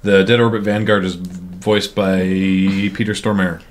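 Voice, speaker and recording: Low-voiced man with dry asides. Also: flat delivery, unhurried. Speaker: stream co-host. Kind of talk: casual banter.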